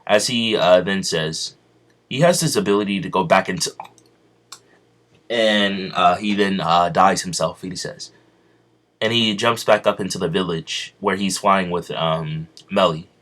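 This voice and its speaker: A man casually retelling a fan-made story in a rambling, halting way. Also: sits low, fairly bright tone.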